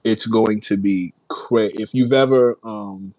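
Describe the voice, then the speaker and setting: A man's voice: on the low side, fairly even intonation, slow pace, a little mellow, low-quality recording. Laid-back New man chatting live. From New York. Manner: rambling, laid-back, reads and answers chat. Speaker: livestream host. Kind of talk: casual livestream chat.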